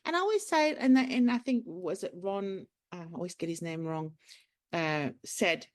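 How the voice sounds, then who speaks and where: A woman, a clinic owner talking as a podcast guest, animated, acting out the voices in her stories. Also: on the low side, moderate pace. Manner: animated storyteller, acts out quotes. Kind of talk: casual interview chat.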